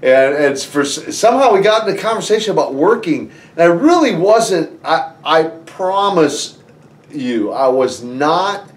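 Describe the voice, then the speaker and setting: Man guest, animated storyteller with frequent restarts, recorded roomy and a bit distant. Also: fairly high pitch, unhurried. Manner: animated, many restarts and "you know"s. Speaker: interview guest, former wrestler. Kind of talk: conversational storytelling. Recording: roomy, somewhat distant from the mic.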